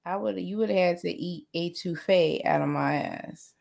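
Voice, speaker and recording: A woman's voice: lowish voice, moderate pace, creaky, darkish tone. A woman co-hosting a casual podcast with blunt, teasing banter, speaking. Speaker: podcast co-host. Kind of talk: casual chat.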